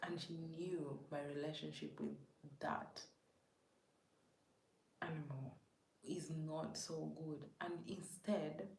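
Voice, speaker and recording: A woman's voice: deep voice, fairly even intonation, takes it slowly, gravelly, pauses often, darkish tone. A woman telling a story casually to her live chat, rambling and often half-whispering, with many filler words. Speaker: livestream host. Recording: echoey room with faint background noise.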